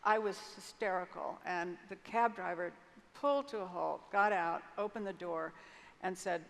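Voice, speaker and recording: A woman's voice: fairly low pitch, fairly even intonation, moderate pace, vocal fry, fairly bright tone. An older woman telling a personal story candidly as an interview guest on a conference stage, frank and vivid, with hesitant restarts. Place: large conference hall stage. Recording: long hall reverb, faint noise.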